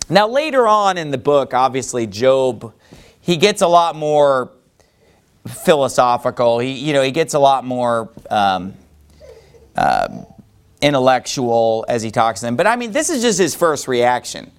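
A man teaching a Bible lesson to a class, animated and conversational, with many fillers. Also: mid-range voice, a little slow, smooth.

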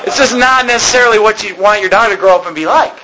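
A man preaching a fiery sermon, rising to shouts at his peaks and dropping to a conversational tone for stories. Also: high voice, very fast, a crowd in the background, poor audio. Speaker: pastor.

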